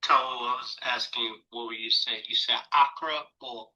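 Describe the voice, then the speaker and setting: A man's voice: medium pitch, fairly even intonation, normal speed, bright, forceful tone, low-quality recording. A man calling in to a live Q&A, curious and asking short questions.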